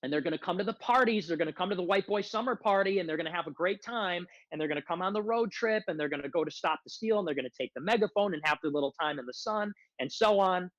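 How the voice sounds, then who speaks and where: A man delivers a heated, profane rant full of grievance, his voice sitting on the high side. The recording is dull and lo-fi, with a dry, close sound and no room echo. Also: quick pace, hardly any pauses, fairly bright tone. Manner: angry, profane, aggrieved, repeats phrases. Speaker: political streamer guest.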